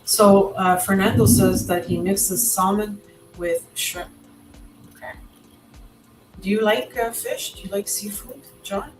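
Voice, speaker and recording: A woman's voice: mid-range voice, a little slow, soft background music, poor audio. A Canadian woman hosting a livestream, chatting casually with a guest and reading viewer comments aloud. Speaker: livestream host. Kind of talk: casual chat.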